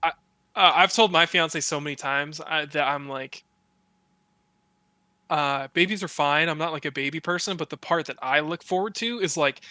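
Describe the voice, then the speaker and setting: A man's voice: a little high, normal speed, dry recording. A young man hosting a casual podcast, telling stories with lots of fillers and swearing. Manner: swears a lot, many fillers, animated storytelling. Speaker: podcast host.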